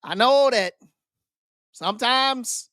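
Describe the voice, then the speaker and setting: A man's voice: very high voice, slow, pushed and bright, no echo, studio quality. A man hosting a live-streamed sports commentary show, talking straight to his viewers and chat, repeating his points for emphasis. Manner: addresses viewers directly.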